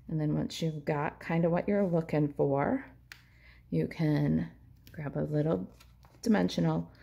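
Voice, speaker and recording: A woman's voice: low-pitched, fairly even intonation, measured pace, creaky, mellow, breathy edge, dull audio. A woman demonstrating a papercraft project, chatting in an upbeat way as she narrates each hands-on step. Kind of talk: crafting tutorial.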